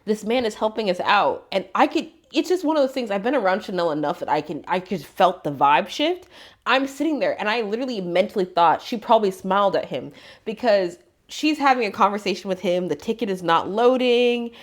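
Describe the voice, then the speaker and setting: A woman's voice: medium pitch, expressive, brisk. A woman co-hosting a podcast, telling travel stories in casual chat and laughing often. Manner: chatty storyteller, laughs often. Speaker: podcast co-host.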